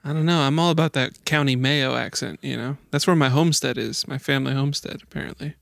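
Man from Chicago, gravelly mid voice, relaxed chatter, dry room. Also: medium pitch, fast talker, no room sound. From Chicago area. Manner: easygoing, laughs often, frequent "like" and "you know". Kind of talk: casual chat.

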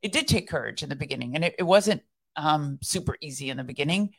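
A woman's voice: deep voice, expressive, fast, gravelly, husky. A woman co-hosting a podcast, telling her faith story in an earnest, reflective way. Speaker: podcast co-host. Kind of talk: casual faith conversation.

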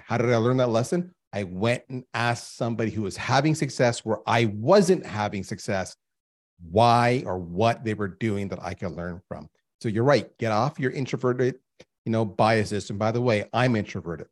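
A man's voice: fairly low pitch, normal speed. A man in his fifties, a podcast guest telling stories emphatically and speaking straight to listeners. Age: 50s. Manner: emphatic, animated storyteller who addresses listeners directly. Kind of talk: storytelling in a podcast interview.

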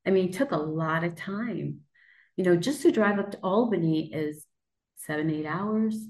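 A woman from New York hosting a podcast interview, speaking in a measured storytelling way. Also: fairly low pitch, darkish tone, poor audio. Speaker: podcast host. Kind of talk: conversational interview.

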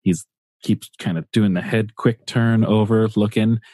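Guy with a low mellow voice, laid-back dry banter, close mic, dead dry sound. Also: fairly even intonation, a little slow, no echo. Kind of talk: casual chat.

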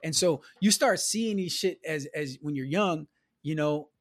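A podcast guest from Milwaukee, in the US Midwest, tells stories about growing up in a loose, conversational way, peppering his talk with "you know", "man" and "bro". His voice is a little high and unhurried. The recording is studio quality with no room sound.

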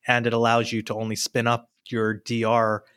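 A man appearing as a podcast guest, methodically explaining technical details in a steady way. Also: medium pitch, normal speed, clear, resonant tone, dry recording, clean studio sound. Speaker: podcast guest, product expert. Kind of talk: explanatory tech discussion.

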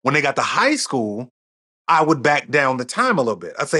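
A man's voice: mid-range voice, sing-song, brisk, bright, forceful tone, husky. A middle-aged man as a podcast guest, telling stories in casual conversation and acting out quoted dialogue.

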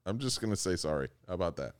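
A man's voice: low voice, very animated, racing, clear, resonant tone. A man co-hosting a podcast in casual chat, rambling and cursing, with lots of restarts and fillers. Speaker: podcast co-host.

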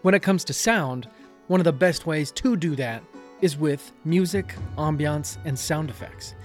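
Man, podcast host, slightly high voice, conversational, direct address, scripted advice, faint music behind. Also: expressive, measured pace. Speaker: podcast host, dungeon master. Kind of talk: scripted tips talk.

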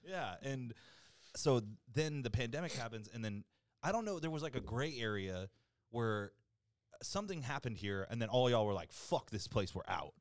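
A young man hosting a podcast, telling stories in an animated way, swearing a lot and mimicking other people. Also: medium pitch, moderate pace, no room sound, clean studio sound. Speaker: podcast host. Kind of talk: casual chat.

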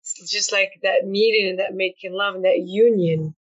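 A woman's voice: medium pitch, steady tone, normal speed, highs cut off. A woman coach speaking as a podcast guest, talking in a reflective, earnest way with frequent fillers and repeated words. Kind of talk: conversational interview.

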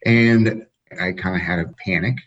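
A man, a dog-breeder guest on a podcast, telling relaxed anecdotes in a casual way. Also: deep voice, moderate pace. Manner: relaxed, anecdotal, chuckles at his own stories. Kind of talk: casual storytelling. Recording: dull lo-fi sound.

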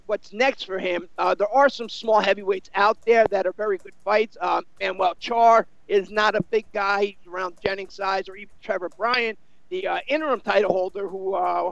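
High-pitched gravelly man talking boxing. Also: fairly bright tone, no echo, highs cut off. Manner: rambling, filler-heavy with many you-knows. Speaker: boxing analyst. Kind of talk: casual sports discussion.

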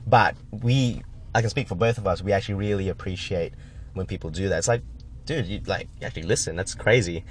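A man's voice: low-pitched, brisk, husky. A young man co-hosting a podcast from a parked car, talking in a loose, laid-back way with slang and swearing. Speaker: podcast co-host. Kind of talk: casual chat.

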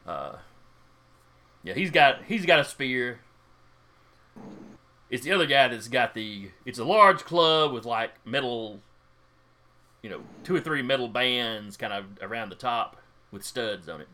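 A man's voice: mid-range voice, expressive, a little slow, pauses often, bright, forceful tone. Folksy male game master. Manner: casual, folksy asides. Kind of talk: narrating a tabletop game.

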